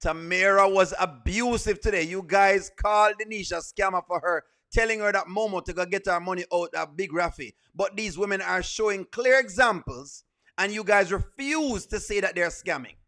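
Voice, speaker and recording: A man's voice: high-pitched, normal speed, bright, forceful tone. A man hosting a reaction video, scolding emphatically and repeating his points. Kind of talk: reaction commentary.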